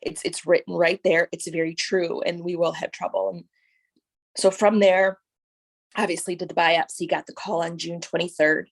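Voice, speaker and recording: A woman telling a personal story as a guest, lively and full of "like" and "right?", acting out what others said. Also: fairly low pitch, moderate pace, vocal fry. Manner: animated storytelling, acting out quoted voices; frequent fillers like "like" and "right?". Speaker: guest sharing her story. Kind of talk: personal testimony.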